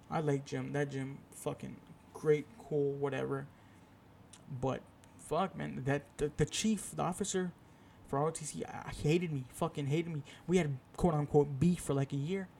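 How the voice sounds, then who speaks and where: A man's voice: fairly high pitch, moderate pace, creaky, darkish tone, a little hiss or hum. A young man hosting his own podcast, telling a rambling, profane, self-deprecating story in a casual solo chat. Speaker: podcast host.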